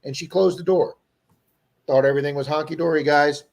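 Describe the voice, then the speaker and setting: A man co-hosting a livestream, telling an animated story to his viewers in a casual chat. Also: on the high side, fairly quick, vocal fry. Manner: animated storyteller who acts out quoted people. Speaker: livestream co-host.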